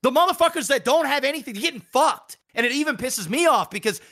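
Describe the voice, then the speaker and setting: A man's voice: very high-pitched, lively intonation, fast talker, fairly bright tone. A man co-hosting a podcast, ranting heatedly with lots of profanity in casual chat. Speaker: podcast co-host.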